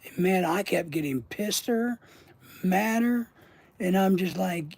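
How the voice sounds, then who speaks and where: A man's voice: high-pitched, takes it slowly, creaky, darkish tone, no echo. A man hosting his channel and telling a long personal story in a casual, rambling way, swearing and trailing off mid-sentence. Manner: rambling, profane, often trails off. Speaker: channel host.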